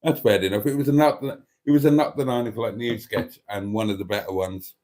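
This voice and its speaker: A man with a voice on the lower side hosts a relaxed livestream. He rambles casually, stumbling over restarts and filling gaps with ums. He talks in a chatty way while reading out viewer comments. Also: fairly quick. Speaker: YouTube channel host.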